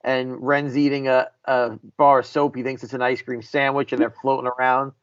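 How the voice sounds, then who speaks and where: A man's voice: mid-range voice, level tone, normal speed, smooth, dry recording. Guy on a podcast gushing about old favorites, dead dry sound, muffled. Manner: enthusiastic, storytelling, some restarts. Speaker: podcast co-host. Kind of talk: casual chat. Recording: dry, dull lo-fi audio.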